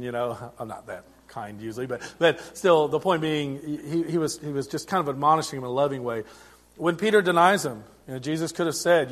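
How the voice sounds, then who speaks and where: A middle-aged man preaching a sermon as pastor, in a conversational way with frequent restarts and swings in loudness. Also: a little high, brisk.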